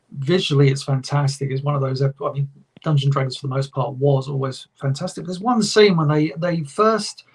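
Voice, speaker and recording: Brief: enthusiastic podcast host, husky, pitched a bit high. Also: male voice. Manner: enthusiastic, rambling, swears often. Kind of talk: casual chat.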